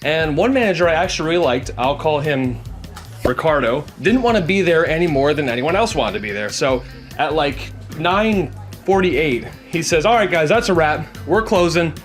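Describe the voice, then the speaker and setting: A man's voice: on the high side, moderate pace. A man telling a funny story in a rambling, casual way, with music underneath. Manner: rambling and animated. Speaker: comedic storyteller.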